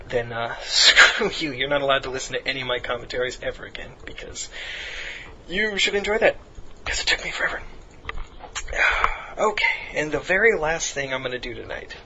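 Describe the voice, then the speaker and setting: Bright-voiced teenage guy telling a rambling story. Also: mid-range voice, dull audio, a little hiss or hum. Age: late teens. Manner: rambling, laughing and swearing casually. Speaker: game commentator. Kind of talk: casual storytelling commentary.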